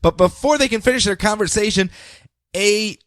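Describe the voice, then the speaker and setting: A man's voice: high-pitched, normal speed, no room sound, studio quality. A man co-hosting a podcast, recapping comic books in casual chat and jumping into playful character voices. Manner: animated storyteller, jumps into goofy character voices. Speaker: podcast co-host.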